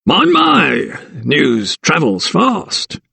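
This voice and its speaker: A man voicing a broad, mean prison keeper in an audiobook, with a gruff, barking, sneering manner. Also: medium pitch, very animated, normal speed, a bit bright, dry recording, exaggerated voice. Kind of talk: audiobook character voice.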